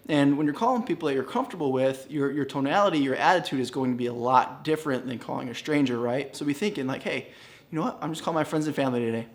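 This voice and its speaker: An upbeat man coaching real estate agents on cold calls, speaking straight to the camera. His voice sits a little high for a man, and he keeps a smiling, energetic delivery while he stands. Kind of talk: direct-to-camera teaching. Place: standing in a room.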